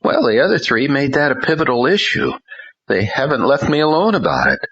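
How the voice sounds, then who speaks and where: An earnest young pastor under strain, read by a man in a raised, lively voice, anxious and defensive. The sound is somewhat dull and lo-fi, and the voice has a husky edge. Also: mid-range voice, a little fast, voice pushed up, full character voice.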